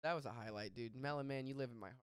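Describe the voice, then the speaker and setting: A young man hosting a podcast, telling a story in casual chat, animated and profane with quick asides. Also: medium pitch, clean tone, no echo, clean studio sound. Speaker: podcast host.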